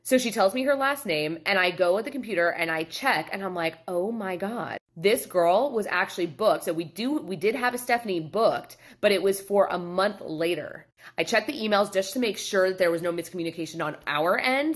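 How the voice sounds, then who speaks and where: A middle-aged woman, a photographer telling a story in a casual vlog and acting out the people in it. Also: lowish voice. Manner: animated storytelling, acting out quotes. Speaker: photographer and studio owner.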